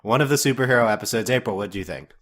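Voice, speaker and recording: A man's voice: on the low side, racing, a bit bright. A man hosting a casual podcast, a little sick, talking with many fillers and restarts. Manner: hesitant, lots of fillers and restarts. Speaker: podcast host. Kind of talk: casual chat.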